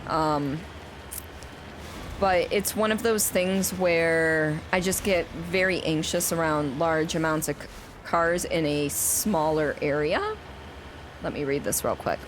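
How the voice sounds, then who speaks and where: A woman's voice: sits low, takes it slowly, background noise. A woman streaming a game, chatting casually with viewers, rambling with frequent restarts. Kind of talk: casual chat while playing and reading chat aloud.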